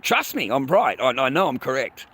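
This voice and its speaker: A man hosting a livestream rants bluntly and profanely at his chat, repeating himself and addressing viewers as mate and bro. His medium-pitched voice is very animated, sharp, and slightly rough, at a moderate pace.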